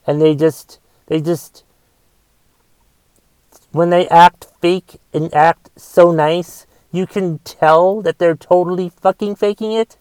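A man with a fairly high, smooth, resonant voice hosts his podcast alone, ranting in a loose, profane stream. He repeats words and restarts his sentences often. The sound is dry and close, with no room around it. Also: steady tone, slow pace, a little mellow, no room sound, rough recording. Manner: profane, repetitive, frequent restarts. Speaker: podcast host. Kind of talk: casual monologue rant.

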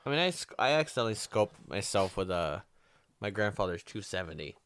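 Animated co-host man, very dry close mic. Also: on the low side, brisk, smooth, no echo. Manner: animated, blurts sound effects. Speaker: podcast co-host. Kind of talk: casual chat.

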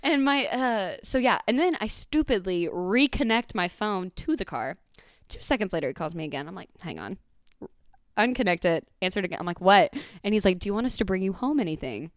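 A young woman, hosting a podcast and telling a story in a casual, animated way with lots of swearing. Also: mid-range voice, fast talker, dry recording, clean studio sound. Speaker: podcast host.

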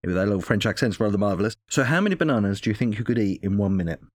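A man's voice: lowish voice, lively intonation, very fast. A male podcast host interviewing a guest in a jokey, theatrical manner, addressing listeners directly. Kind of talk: casual interview and playful commentary.

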